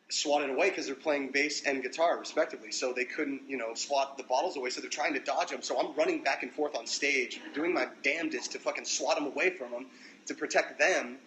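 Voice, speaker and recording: Young man, mid-pitch, casual profane storyteller on a phone livestream, light background noise. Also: poor audio. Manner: loose, profane, animated storytelling. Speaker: musician livestreaming to fans.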